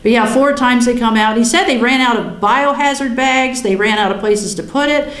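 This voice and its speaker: Older woman, lively storyteller, slightly high voice, roomy reverberant sound. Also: moderate pace. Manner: animated, chatty, laughs often. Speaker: guest recounting a near-death experience. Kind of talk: personal storytelling in conversation.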